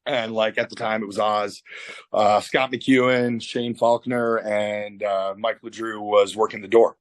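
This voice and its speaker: A man's voice: on the low side, measured pace, no room sound. A middle-aged man with a Canadian accent spins a vivid story over a video call, swearing freely and acting out every quote. His voice sounds dry and close, with no room around it. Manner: animated storyteller, swears a lot, acts out quotes. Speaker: tattoo artist guest.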